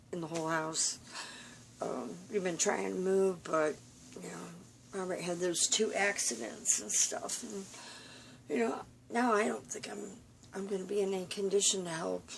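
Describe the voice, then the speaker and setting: A tired woman rambling in a personal vlog from a room at home, halting and confiding, full of fillers and restarts. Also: mid-range voice, vocal fry, a little hiss or hum. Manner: weary, confiding. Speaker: vlogger.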